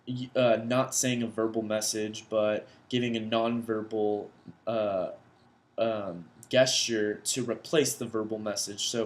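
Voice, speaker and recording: A young man, an education student, explaining vocabulary words for a class assignment in a loose, conversational way, thinking aloud as he goes, recorded indoors at his computer. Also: mid-range voice.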